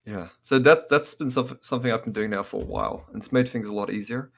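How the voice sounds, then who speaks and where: Fast-talking man in casual chat. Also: lowish voice, vocal fry. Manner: quick, chatty, with frequent laughs. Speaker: Blender tutorial creator.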